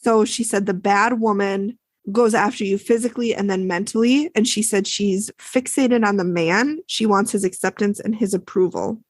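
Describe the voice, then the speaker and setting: A woman's voice: medium pitch, steady tone, moderate pace, no room sound. A woman co-hosting a podcast, casually recapping a TV episode and acting out the lines people said. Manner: chatty, retells scenes with quoted lines.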